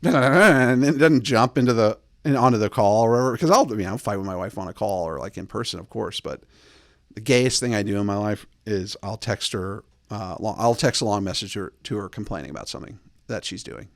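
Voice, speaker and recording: A man's voice: brisk, no room sound. A male host giving blunt, bossy dating advice in a casual monologue, close to the mic. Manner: blunt, bossy, mocks texts in a high put-on voice.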